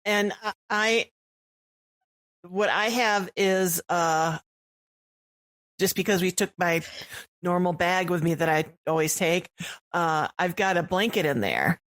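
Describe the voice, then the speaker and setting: A woman's voice: on the low side, slow, pauses often, a bit bright, dry recording. A woman speaking as a player in a tabletop game, hesitant and full of fillers. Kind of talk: casual tabletop play.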